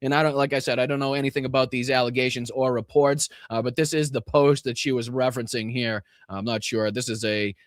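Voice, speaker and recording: A man's voice: mid-range voice, level tone, a little fast, few pauses, no echo, clean studio sound. Profane sarcastic man with a Boston accent. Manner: profane, sarcastic, rambling with restarts. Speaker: political commentary host. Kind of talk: casual live-stream commentary.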